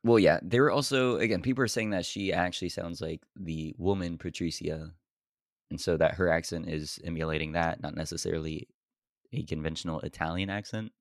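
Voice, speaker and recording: A man's voice: sits low, steady tone, brisk, no room sound. A man co-hosting a podcast, chatting about movies in a laid-back way, laughing often and calling his friend bro. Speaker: podcast co-host. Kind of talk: casual film discussion.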